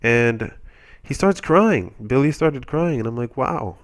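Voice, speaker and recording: A man's voice: mid-range voice, animated, unhurried. Rambling young man telling a silly story. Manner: rambling, self-mocking, playfully exaggerated. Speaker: commentator. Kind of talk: comedic storytelling over gameplay.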